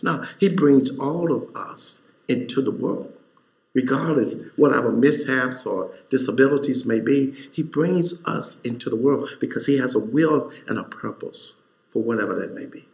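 A man's voice: medium pitch, expressive, normal speed, creaky. A male pastor preaching a sermon, telling a story in a folksy way and building to fervent emphasis. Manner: folksy, informal grammar. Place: church sanctuary. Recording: echoey church hall.

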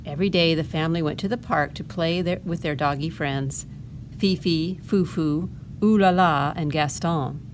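A woman librarian reading a picture book aloud to children, pausing for gentle explaining asides. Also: sits low, background noise. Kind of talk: storytime read-aloud.

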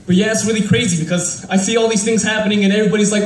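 A man's voice: high voice, steady tone, rapid-fire, few pauses. A young man performing a live spoken word piece in a rhythmic, rhyming, heartfelt delivery, standing before a crowd. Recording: echoey room from a distant mic.

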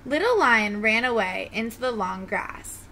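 A woman teacher reads a children's picture book aloud in a gentle, expressive way. Her high voice moves in wide, lively swoops at a slow, careful pace. A gravelly edge colors it, over a faint background hiss. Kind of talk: children's storybook read-aloud.

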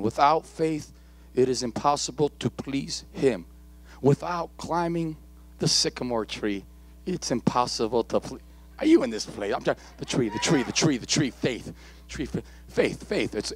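High, gravelly-voiced man preaching. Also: dry recording. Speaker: pastor. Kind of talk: live church sermon. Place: church sanctuary during a live service.

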